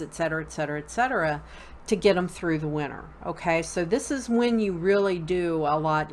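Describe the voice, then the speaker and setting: A middle-aged woman hosting a casual spoken lesson on Wicca, relaxed and full of fillers, often checking in with "okay?". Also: low-pitched, slight background noise. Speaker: host teaching a Wicca course.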